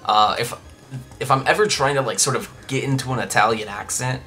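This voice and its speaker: A man's voice: mid-range voice, fairly quick, sharp tone, faint music behind. A young man hosting a casual Let's Play, chatting and rambling with lots of restarts and side comments.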